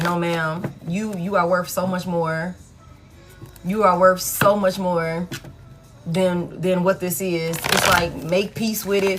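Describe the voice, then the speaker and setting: A woman's voice: on the low side, a bit bright, a little hiss or hum. A woman giving a casual live tarot reading, blunt and frank, swearing freely and repeating herself for emphasis. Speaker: tarot reader.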